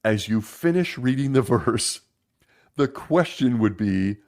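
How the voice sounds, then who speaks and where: A man hosting a casual monologue, making wry sarcastic asides and laughing as he talks, slowing down to stress points. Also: mid-range voice. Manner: laughs often while talking; lively and animated, slowing down for emphasis. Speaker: podcast host.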